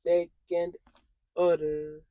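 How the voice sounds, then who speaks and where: A delivery driver vlogging through a work shift, chatting to viewers and repeating phrases with excitement. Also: mid-range voice, drawn-out words, no room sound, phone-quality sound. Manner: excitable, repeats phrases, keeps saying "you guys". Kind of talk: casual vlog talking to viewers.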